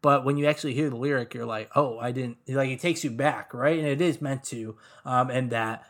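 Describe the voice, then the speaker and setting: A man's voice: mid-range voice, fairly quick. A man co-hosting a podcast, talking casually about music in a rambling way, full of "like" and "um". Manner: rambling, heavy on fillers like "like" and "um". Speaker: podcast co-host.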